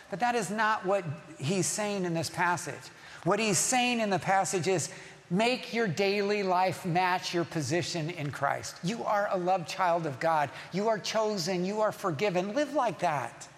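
A man's voice: high voice, measured pace, in a large hall. A man preaching as pastor, emphatic, repeating key phrases and putting questions to the congregation. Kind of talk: sermon.

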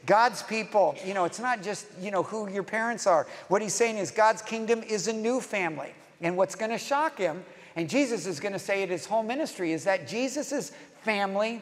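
High-voiced preacher in a reverberant hall. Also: male voice. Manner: conversational, acts out quoted lines, rhetorical questions. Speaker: pastor. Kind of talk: sermon.

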